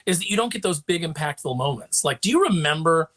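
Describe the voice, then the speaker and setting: A man who is a comics writer and editor, guesting on a casual chat and retelling things rapidly and passionately. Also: fairly high pitch, expressive, fairly bright tone.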